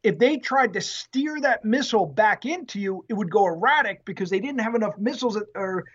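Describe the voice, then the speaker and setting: A former Marine telling an animated story in an interview, acting out the quotes with salty language. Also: male voice, high voice, fairly quick, husky, highs cut off. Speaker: guest, former Marine tank driver.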